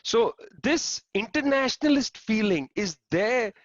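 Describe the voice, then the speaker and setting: A man's voice: very high-pitched, expressive, measured pace, no room sound. A man from India with a Punjabi accent, giving an emphatic, insistent political talk over a video call and repeating phrases for stress. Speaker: panel speaker. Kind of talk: political lecture. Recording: dull, lo-fi, dry video call audio.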